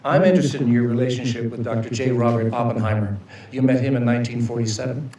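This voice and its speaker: An actor playing a male senator questioning a witness at a hearing, in brisk, flat questions. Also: medium pitch, slight background noise, lightly acted. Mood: probing. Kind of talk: film drama acting. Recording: echoey hearing room, distant mic.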